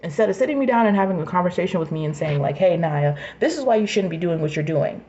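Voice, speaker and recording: A woman's voice: lowish voice, lively intonation, fast, warm tone, muffled recording, a little hiss or hum. A woman in her twenties venting in an emotional personal rant, angry, raw and profane, sometimes dropping to a whisper. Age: 20s. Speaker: vlogger.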